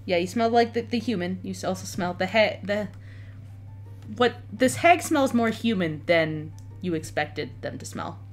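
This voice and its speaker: A woman's voice: mid-range voice, expressive, moderate pace, faint music behind. A woman narrating a tabletop game as dungeon master, describing scenes with occasional stumbles and repeated words.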